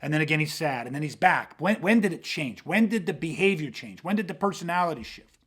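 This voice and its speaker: A high-pitched man hosts a podcast with forceful emphasis. He swears freely and acts out tense street exchanges as he explains. His delivery builds from quiet and low into loud, raised bursts. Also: lively intonation, fast talker, breathy edge. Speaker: host. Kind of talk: intense podcast talk.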